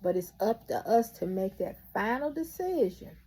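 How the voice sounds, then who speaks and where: A woman telling a story with a moral in an animated way, with preacherly exclamations. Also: medium pitch, moderate pace, breathy edge. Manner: animated, laughing through the story. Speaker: motivational storyteller.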